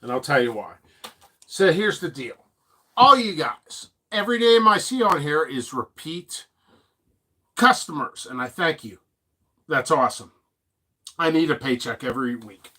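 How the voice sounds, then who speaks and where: Rambling, joking man with lively pitch. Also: measured pace, long pauses. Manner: rambling, joking, laughs a lot. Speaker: seed seller and channel host. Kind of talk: free-flowing casual talk to viewers.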